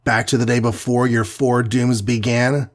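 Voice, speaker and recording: A man voicing a calm armored hero. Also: mid-range voice, moderate pace, lightly acted. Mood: reasoning. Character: armored male superhero, calm and commanding.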